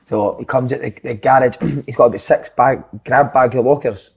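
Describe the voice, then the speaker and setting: A man's voice: medium pitch, fast, vocal fry, hardly any pauses, a little mellow, husky. A man, a former footballer, co-hosting a podcast and telling sweary stories in casual banter. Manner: swearing storyteller, acts out quotes.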